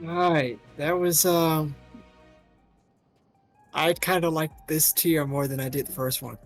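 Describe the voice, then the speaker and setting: A man's voice: fairly high pitch, steady tone, slow, soft background music. A man voice-acting streamer chatting casually on a live stream, often restarting his words.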